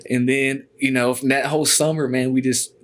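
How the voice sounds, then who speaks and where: A man speaks in an easy, mid-range voice, rambling through stories at a relaxed clip. He drops "man" constantly and swears freely, sounding comfortable and unpolished. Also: medium pitch, moderate pace. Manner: laid-back, peppers speech with "man" and cussing. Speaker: guest, MMA fighter. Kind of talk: casual storytelling.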